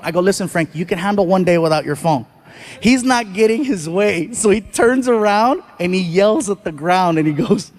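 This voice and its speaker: A high-pitched man performing stand-up comedy. He tells his stories with animated energy and slips into quick voices for the people he quotes. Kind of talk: stand-up storytelling. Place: comedy stage before a live audience.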